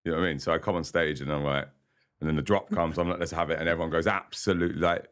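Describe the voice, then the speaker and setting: Very deep-voiced chatty man. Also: fairly even intonation, racing, a bit bright. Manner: chatty, rambling, laughs often. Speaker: podcast guest, singer-songwriter. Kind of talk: casual interview chat. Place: studio.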